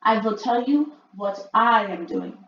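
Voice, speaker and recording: A woman playing a shrill, gloating witch leader. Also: expressive, measured pace. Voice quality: shrill, loud and emphatic. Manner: read-aloud storybook acting. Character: commanding female witch leader, gloating and imperious. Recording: muffled, echoey room.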